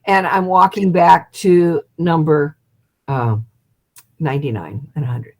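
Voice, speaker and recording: An older woman in her seventies, a hypnotist guest, telling an animated story over a video call. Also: sits low, measured pace. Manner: lively storyteller who acts out quotes and laughs.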